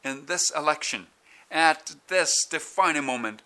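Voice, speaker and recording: A man doing a put-on British accent while voicing a male president giving a victory speech, in slow and deliberate oratory. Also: a little high, pushed and bright. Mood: solemn oratory. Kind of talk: speech impression.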